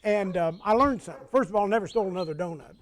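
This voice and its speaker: A man's voice: high voice, very fast. A man in his sixties from Indiana, hosting a show and telling folksy stories from his childhood, chuckling often. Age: 60s. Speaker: host. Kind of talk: storytelling in casual conversation.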